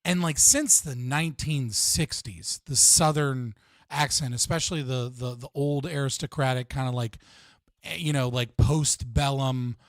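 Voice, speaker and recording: A man's voice: medium pitch, measured pace, no echo, studio quality. A man hosting a live-stream debate panel, rambling and lecturing with many filler words. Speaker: stream host. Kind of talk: heated casual debate.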